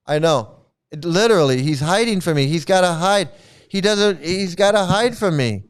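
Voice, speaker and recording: Guy ranting on his channel, mocking and cussing, says stuff twice, smooth kinda high voice. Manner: mocking, repetitive, profane. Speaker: commentary channel host. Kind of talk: ranting commentary.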